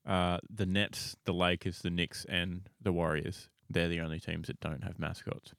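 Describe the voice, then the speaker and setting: A man's voice: low-pitched, level tone, normal speed, vocal fry, a bit bright, no echo, studio quality. A man, co-hosting a casual podcast, rambling and laughing often. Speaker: podcast co-host. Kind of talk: casual banter.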